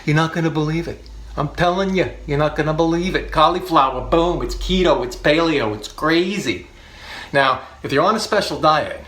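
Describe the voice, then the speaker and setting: A man's voice: fairly high pitch, a little fast, fairly bright tone, reverberant. A man hosting a comedic cooking demonstration in a home kitchen, chatty and jokey, laughing often and repeating his points for emphasis. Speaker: cooking show host.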